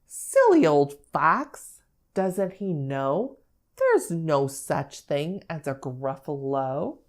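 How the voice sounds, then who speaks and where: A woman's voice: deep voice, very animated, extremely slow, full character voice. A woman voicing a bold, clever little mouse in a picture-book read-aloud, with a sly, knowing lilt. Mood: sly, boastful.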